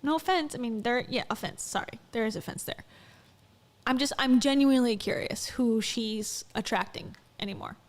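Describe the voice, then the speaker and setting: A woman's voice: fairly high pitch, moderate pace. A young adult woman giving a sarcastic, incredulous commentary vlog, full of "like" and mocking asides. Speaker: commentary vlogger.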